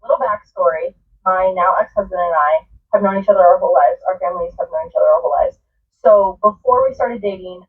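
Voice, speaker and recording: A woman tells a personal storytime in an earnest, emotional way. Her voice comes through thin and tinny, as if played back from across the room. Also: medium pitch. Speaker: storyteller in reacted clip. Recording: tinny phone-like sound from a distance.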